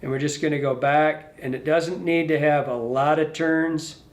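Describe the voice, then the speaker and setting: A man's voice: on the high side, steady tone, moderate pace, reverberant. A man giving a casual hands-on fly tying tutorial, rambling and correcting himself, and talking to the fly as he works. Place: fly shop tying bench.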